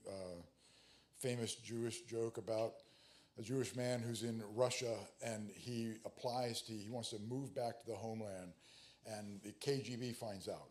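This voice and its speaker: Man teaching on prayer, halting and conversational. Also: fairly low pitch. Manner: conversational, halting with fillers and restarts; reads scripture aloud with rising emphasis. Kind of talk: sermon teaching.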